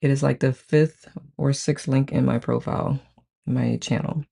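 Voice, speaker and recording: The live book-study group host is casually chatting on stream, greeting viewers by name and gushingly reading the chat aloud, often exclaiming "I love it." Their mid-range voice is creaky and mellow, with a steady tone and normal speed.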